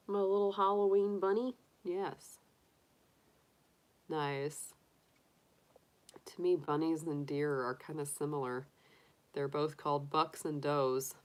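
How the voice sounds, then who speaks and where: A woman's voice: sits low, darkish tone. A woman hosting a casual livestream, cooing in baby talk to her pet rabbit and chatting with viewers. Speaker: tarot reader livestream host.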